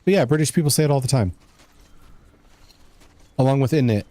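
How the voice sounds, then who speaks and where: While streaming a game, a young American man rambles chattily to his chat, giving casual gameplay commentary as he plays. His medium-pitched voice is mellow, brisk and lively in intonation, with no echo.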